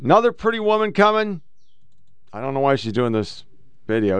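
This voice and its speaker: A man's voice: mid-range voice, very animated, fairly quick. A middle-aged man hosting a casual, profane commentary show, bluntly lecturing about the clips he plays. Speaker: podcast host reacting to clips.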